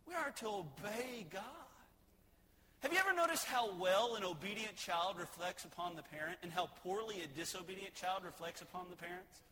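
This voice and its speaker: A man's voice: high voice, normal speed, sharp tone, slight background noise, low-quality recording. A man preaching a sermon in a folksy way, joking and asking the congregation questions. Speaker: pastor.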